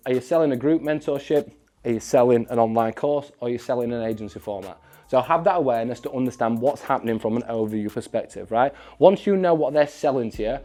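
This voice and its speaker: A man's voice: medium pitch, warm tone. A man who mentors fitness professionals gives direct-to-camera advice in a blunt, emphatic way, swearing often and checking in with "right?".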